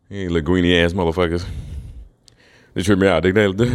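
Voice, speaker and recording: A man's voice: deep voice, fairly even intonation, moderate pace, long pauses, no room sound, clean studio sound. A man rambling through a profane, scornful monologue, chuckling between remarks.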